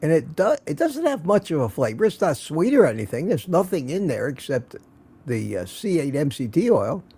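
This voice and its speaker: A man's voice: on the high side, big pitch swings, moderate pace, mellow, husky. An older man hosting a casual morning livestream, greeting viewers by name in a chatty, self-mocking way. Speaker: livestream host.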